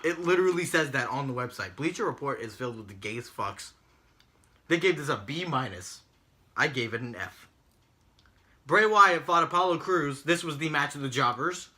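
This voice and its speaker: A man's voice: medium pitch, lively intonation, normal speed, sharp tone. A man co-hosting a casual talk show, ranting in an exasperated, mocking way and swearing often. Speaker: podcast co-host recapping wrestling. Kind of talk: casual profane rant.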